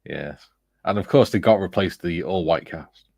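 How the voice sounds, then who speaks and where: This livestream host has a deep, gravelly voice with a darkish tone, speaking at normal speed without any echo. He chats casually, laughing a little while reading out comments from his viewers.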